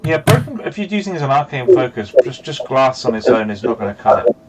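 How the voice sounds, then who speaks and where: A man's voice: mid-range voice, highs cut off, crowd noise. Playful man running a tabletop game. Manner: animated, quick narration with playful asides. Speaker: dungeon master. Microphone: video call.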